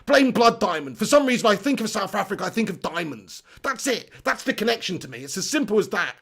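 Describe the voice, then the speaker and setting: Man, casual live-stream host, high voice, gravelly edge, upbeat and chatty. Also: sing-song, a bit bright. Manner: chatty, upbeat, quick to laugh at himself. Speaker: football channel host reading live chat.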